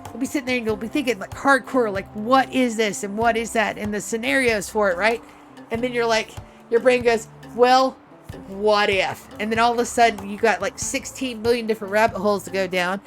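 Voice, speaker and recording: A woman's voice: on the high side, quick pace, soft background music. A woman streamer chatting casually while playing a game, telling rambling, profane stories about running tabletop games. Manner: rambling, profane, animated storytelling.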